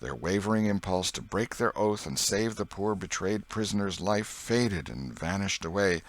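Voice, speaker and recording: A man reading an audiobook with dramatic, expressive narration. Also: deep voice, moderate pace.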